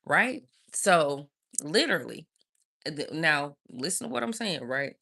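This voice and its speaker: A woman with a low, voice preaches to her live-stream audience. She speaks with emphatic conviction and calls her listeners "y'all". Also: big pitch swings, measured pace, creaky, sharp tone.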